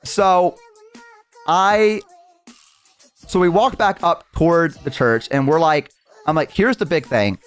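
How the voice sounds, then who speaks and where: A man's voice: on the high side, slow pace, pauses often, smooth, faint music behind. A young man streamer telling a story casually, rambling and swearing with lots of restarts.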